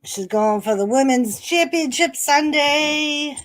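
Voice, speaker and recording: A woman's voice: high-pitched, expressive, slow. A middle-aged woman hosting a live watch-party stream, chatting casually, reading viewers' messages aloud and laughing often.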